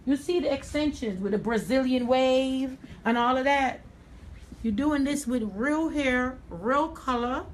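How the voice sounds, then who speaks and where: A woman's voice: sits high, a little slow, a little hiss or hum, poor audio. A woman with a Jamaican accent, hosting a chatty live hair tutorial and calling viewers honey. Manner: sassy, calls listeners honey. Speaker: hairstylist host.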